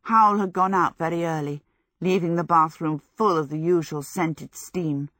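A woman narrating a storybook in a low, measured voice. The sound is close and dry, with no room around it, and she keeps a steady storytelling rhythm. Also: no echo. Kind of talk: audiobook narration.

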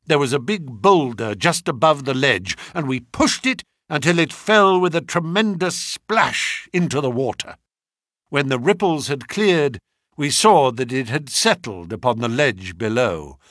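Expressive man reading a detective story. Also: medium pitch, unhurried, dry recording, clean studio sound. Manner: expressive, dramatic first-person telling. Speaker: audiobook reader. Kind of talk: scripted narration of a classic detective story.

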